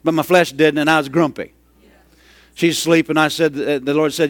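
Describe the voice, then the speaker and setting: A middle-aged man preaching a sermon, telling a story and rising into loud, excited hollering. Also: fairly high pitch, moderate pace. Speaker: pastor.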